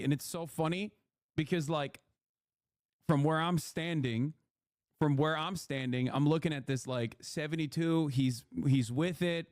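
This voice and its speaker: A man's voice: sits high, no room sound, clean studio sound. A man hosting a stream with casual political commentary, brash and profane, cracking jokes as he talks. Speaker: streamer host.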